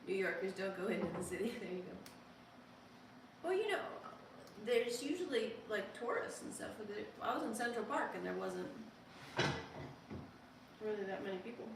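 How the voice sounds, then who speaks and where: A woman's voice: fairly high pitch, lively intonation, moderate pace, long pauses, background noise. A woman hosting a casual live stream, chatting playfully and reacting to viewer comments as she reads them. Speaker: live streamer reading chat. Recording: echoey room, distant mic, faint ambience.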